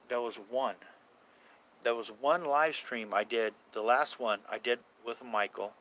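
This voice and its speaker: A man's voice: mid-range voice, pushed and bright, a little hiss or hum, rough recording. A man casually chatting with viewers on a paranormal live stream, rambling from point to point and swearing now and then. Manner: rambling, swears casually, answers chat questions.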